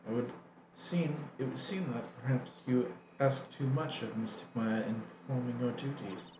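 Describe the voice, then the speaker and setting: A man's voice: medium pitch, normal speed, echoey room, dull audio, noisy background, natural voice. A man voicing a haughty, formal older woman who speaks in a prim, old-fashioned way while reading a game's dialogue on stream. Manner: prim, archaic, overly polite.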